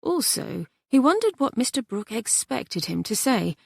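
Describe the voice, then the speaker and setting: A woman narrates a historical romance audiobook in a measured, even way. Her voice has a gravelly texture and sits close to a dry studio mic. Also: on the high side, no echo.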